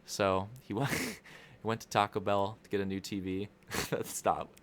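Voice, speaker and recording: A man's voice: on the low side, unhurried. A young man rambling through casual livestream race commentary, profane and constantly interrupting himself.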